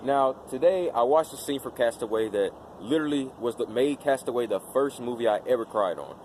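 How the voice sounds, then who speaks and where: A man talks casually to his camera outdoors in daylight, wandering through his thoughts with plenty of fillers and restarts. His pitch sits in an ordinary middle range, and faint passing traffic hums behind him. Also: lively intonation, brisk, a little mellow. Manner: rambling, with many fillers and restarts. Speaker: vlogger.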